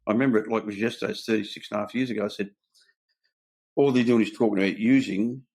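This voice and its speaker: A man's voice: fairly low pitch, steady tone, racing, creaky, darkish tone, breathy edge. An older man with an Australian accent, hosting a candid talk and telling his own story in an earnest, blunt way. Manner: earnest, blunt, tells stories with quoted dialogue. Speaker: host sharing his own recovery story. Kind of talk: candid conversation.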